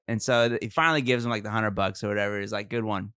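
A man's voice: mid-range voice, steady tone, quick pace, few pauses, fairly bright tone, clean tone, no room sound, studio quality. A man guesting on a podcast, telling a rambling travel story with sidetracks and frequent laughs. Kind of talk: casual storytelling.

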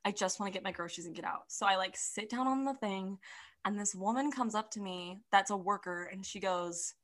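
A young woman telling a story in casual chat, animated and full of "like" fillers. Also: medium pitch, brisk.

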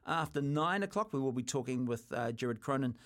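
A man's voice: medium pitch, animated, brisk. A man from New Zealand hosting a sports radio show, chatting casually and teasing his co-host.

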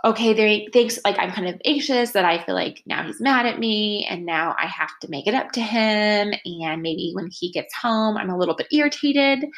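A woman's voice: mid-range voice, lively intonation, normal speed, hardly any pauses, fairly bright tone. An American woman in her thirties hosting a podcast, chatting casually and acting out the voices she quotes. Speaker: podcast host for estheticians. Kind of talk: casual solo podcast talk.

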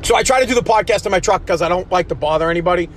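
A man hosting a solo podcast from his truck while driving, ranting in a profane, worked-up way and getting loudly passionate. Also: high-pitched, very fast. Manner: passionate, yells when fired up. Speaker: podcast host. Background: faint road and engine noise.

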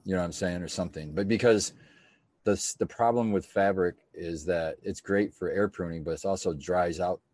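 A man's voice: low voice, normal speed, a little mellow, dry recording, studio quality. A man in casual chat, asking blunt questions and swearing casually.

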